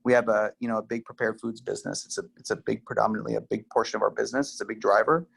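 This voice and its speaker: Gravelly man explaining on a video call. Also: on the low side, fairly even intonation, fairly bright tone. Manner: explanatory, slightly halting. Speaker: business representative.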